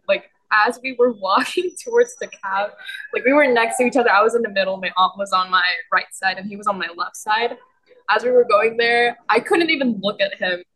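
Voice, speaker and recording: A woman co-hosting a podcast, telling a story in a casual, excitable way with lots of giggles. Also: fairly high pitch, poor audio. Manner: giggly and excitable, many fillers. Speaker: podcast co-host.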